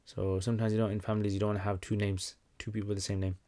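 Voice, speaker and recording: A young man chats through a livestream Q&A at an easygoing pace, his voice sitting a little low. He often stops to restart a thought and fills the gaps with ums and uhs. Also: racing. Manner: relaxed, conversational, many fillers and restarts. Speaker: livestream host answering questions. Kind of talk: casual livestream Q&A.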